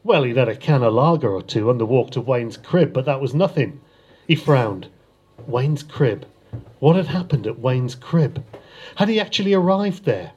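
A man, an author, chatting briefly and then reading the opening of his crime novel at a live event, in a steady narrating manner. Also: medium pitch, normal speed, slightly rough, lo-fi sound.

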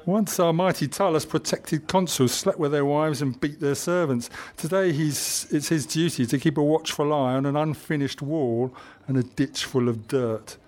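A man's voice: a little high, moderate pace, a little mellow, lightly acted. A man voicing a scornful male Roman soldier who taunts and mocks with open contempt. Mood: sneering.

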